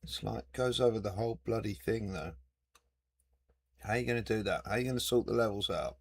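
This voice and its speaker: A man's voice: lowish voice, fairly quick, gravelly, husky, no room sound. A man chatting casually and teasing while playing a video game, with mild swearing. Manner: joking banter with mild swearing. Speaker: gamer.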